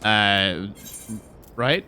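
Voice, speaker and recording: Playful, lively man playing a game. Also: lowish voice, extremely slow, a little hiss or hum. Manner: playful, rambling, self-mocking. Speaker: gaming channel host. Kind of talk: let's play commentary.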